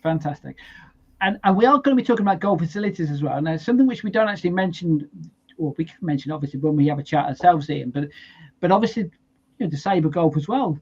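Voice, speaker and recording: A man's voice: a little high, lively intonation, quick pace, a little mellow, breathy edge. A man hosting a podcast, chatting casually as he runs through news. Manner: chatty, friendly news roundup. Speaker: podcast host. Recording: dull lo-fi sound.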